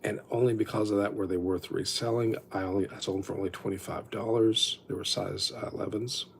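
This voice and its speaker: Gravelly low-voiced man chatting on a livestream. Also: steady tone, fairly quick, a little hiss or hum. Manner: rambling, self-interrupting storyteller. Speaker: livestream host. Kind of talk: casual livestream chat.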